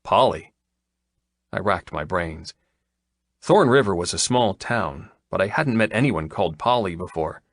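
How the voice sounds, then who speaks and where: A man's voice: low-pitched, expressive, normal speed. A man narrating a humorous romance audiobook in the first person, with a wry, cocky delivery.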